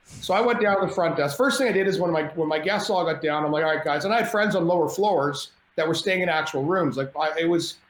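A man telling a wild party story as a podcast guest, animated and profane, often restarting his sentences, at home. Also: fairly high pitch, fast. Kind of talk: casual storytelling. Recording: echoey room with faint background noise.

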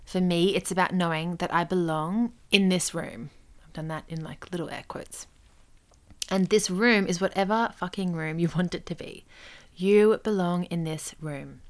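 A woman's voice: fairly low pitch, normal speed. A woman hosting her own podcast, talking casually and reflectively about belonging in business, with small asides. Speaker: podcast host. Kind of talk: casual solo podcast talk.

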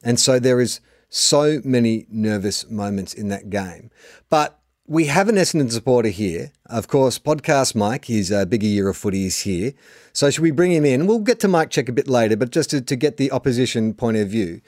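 Australian man in his forties, podcast host, animated storytelling, dry close sound. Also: medium pitch, moderate pace, dry recording. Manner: animated storyteller, laughs often. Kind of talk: casual sports chat.

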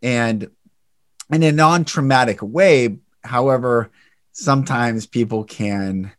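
A man's voice: mid-range voice, no room sound. Earnest male host, dry close sound. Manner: earnest, storytelling. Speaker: podcast host. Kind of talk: conversational interview, storytelling.

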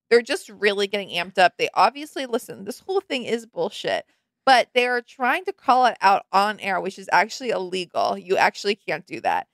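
A woman's voice: mid-range voice, big pitch swings, a little fast, no room sound. A young woman co-hosting a podcast, gossiping animatedly and acting out quotes in casual chat. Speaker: podcast co-host.

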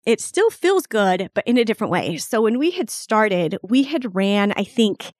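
A woman's voice: mid-range voice, very animated, moderate pace, a little mellow, no room sound, clean studio sound. A woman hosting a solo podcast as a coach, talking in a chatty, candid way and laughing often.

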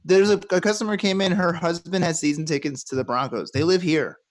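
A man's voice: a little high, fairly quick. A man co-hosting a podcast in casual chat, loose and joking. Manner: loose and joking, laughs often. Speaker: podcast co-host.

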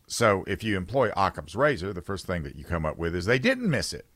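An opinionated male talk radio host speaking in a low voice whose pitch rises and falls in a lively way. He talks casually and reads listener texts aloud. The studio sound is dry and close. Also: brisk, no echo. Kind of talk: political talk radio monologue.

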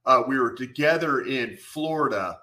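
A man's voice: medium pitch, lively intonation, normal speed, pushed and bright. A middle-aged man, a former football scout and co-host, telling rambling anecdotes full of fillers. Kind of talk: casual storytelling.

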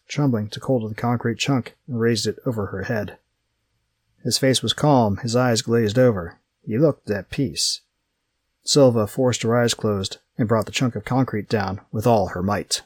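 Husky low-voiced male narrator. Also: no echo. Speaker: audiobook narrator. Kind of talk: scripted narration.

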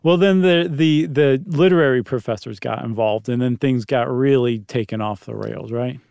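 A man co-hosts a casual chat show, laying out history in a relaxed, joking way. His voice is smooth and clear, recorded dry and close with no room sound. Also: mid-range voice, moderate pace, dry recording. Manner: chatty, explains history with acted quotes. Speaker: podcast co-host.

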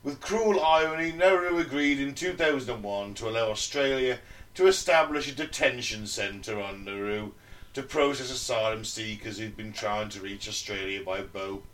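A man's voice: mid-range voice, normal speed, fairly bright tone, recorded from a distance. A man co-hosting a casual podcast, reading out research and adding joking, sweary asides. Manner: reads research aloud, jokey asides, swears. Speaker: podcast co-host. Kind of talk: reading notes in casual chat.

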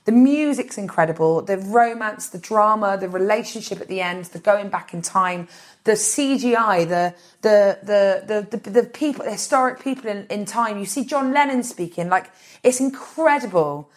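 A woman's voice: mid-range voice, moderate pace. A woman comedian talking as a podcast guest, gushing about films and tripping over repeated words. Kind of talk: casual comedic interview.

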